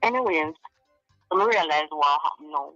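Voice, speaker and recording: A man's voice: on the high side, lively intonation, moderate pace, sharp tone, no echo, soft background music. A Jamaican man recounting an ordeal in an interview, rambling and repeating himself as he quotes others. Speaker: interviewee in a played clip. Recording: dull lo-fi clip audio.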